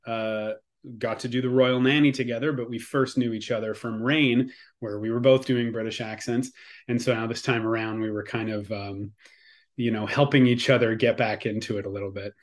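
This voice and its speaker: A man's voice: mid-range voice, steady tone, normal speed. A Canadian man in his thirties answers interview questions in a loose, rambling way. His voice sits in an ordinary middle register, and his speech is full of small restarts and fillers. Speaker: actor guest. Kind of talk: casual interview chat.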